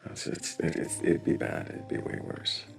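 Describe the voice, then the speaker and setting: A man hosting a live stream in casual chat, halting and repeating words as he greets viewers. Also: music in the background. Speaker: livestream host.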